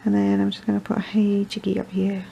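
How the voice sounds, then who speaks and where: A woman's voice: medium pitch, completely flat delivery, fast, gravelly, mellow, highs cut off, a little hiss or hum. A woman chatting her way through a card-making tutorial, rambling with self-deprecating asides and muttering to herself. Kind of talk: crafting tutorial chat.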